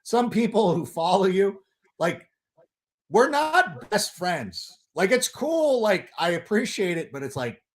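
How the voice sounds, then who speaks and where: A middle-aged man, a guest on a livestream, ranting in an animated, sarcastic way and throwing in loud mock quotes. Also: sits high, measured pace. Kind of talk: casual chat on a livestream.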